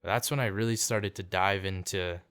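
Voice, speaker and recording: A man's voice: low-pitched, steady tone, normal speed, fairly bright tone, smooth. A young man from Canada telling a story in casual podcast chat, laid-back, peppering his talk with "like" and "dude" and acting out quotes. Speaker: podcast guest, singer-songwriter.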